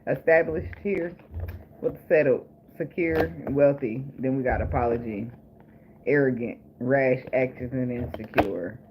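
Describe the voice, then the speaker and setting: A man's voice: mid-range voice, unhurried, dull audio. A man giving a casual tarot reading, blunt, profane and joking, with frequent laughs. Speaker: tarot reader. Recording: noisy recording with clicks.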